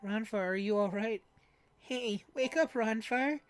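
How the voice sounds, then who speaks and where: A woman voicing a brave, earnest young boy hero with a high, melodramatic delivery over faint game music. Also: a little slow, close to an everyday voice. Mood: protective.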